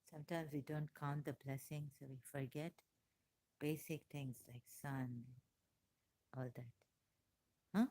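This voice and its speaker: Low-voiced woman rambling with many fillers. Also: dark tone. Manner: hesitant, many fillers and restarts; emotional, exclaiming. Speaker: vlogger. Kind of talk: rambling personal monologue.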